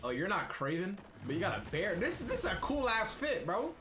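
A man giving cursing, excitable commentary while playing a game. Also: high-pitched, a little fast. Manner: profane, excitable reactions. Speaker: gamer streamer. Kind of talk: let's play commentary. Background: game music.

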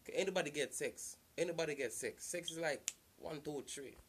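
A man's voice: a little high, fairly quick, a little hiss or hum. A man giving casual relationship advice to the camera, earnest and repetitive, circling back to the same points.

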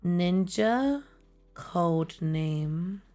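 Excitable young woman streamer. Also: fairly low pitch, drawn-out words, faint music behind. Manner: excitable, loud and playful. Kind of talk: casual chat while playing a party game with friends on stream.

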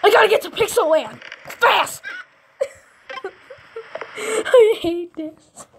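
A woman playing a mobile game, commenting casually and excitably with sudden shrieks and giggles. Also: extremely high pitch, slow pace, a little hiss or hum.

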